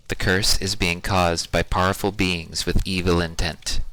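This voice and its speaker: A man softly reading as a cheerful young elf druid woman. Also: low-pitched. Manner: soft, quiet reading of game dialogue. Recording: clear music behind the voice. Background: music.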